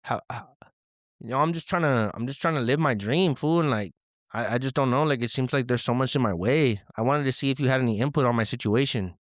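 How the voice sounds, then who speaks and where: A man's voice: medium pitch, brisk, no echo, studio quality, close to an everyday voice. A man voicing a young, slangy male caller who rambles on about his life, full of fillers. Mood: rambling.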